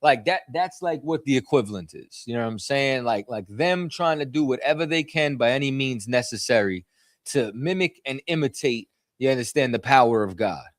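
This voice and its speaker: A man's voice: medium pitch, lively intonation, moderate pace, dry recording, studio quality. A man leading a scripture study, speaking in casual street slang and often asking "you know what I'm saying". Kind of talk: casual teaching.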